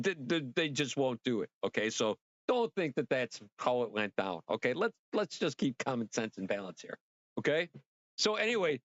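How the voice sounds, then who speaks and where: A man hosting a casual livestream, rambling and excitable, swearing freely and talking straight to his viewers. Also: medium pitch, no echo, muffled recording. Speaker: livestream host.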